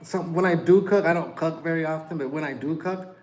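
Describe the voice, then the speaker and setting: A man's voice: on the high side, brisk, low-quality recording. A man chatting casually with his wife on a live stream, speaking hesitantly with many fillers. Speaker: co-host, host's husband.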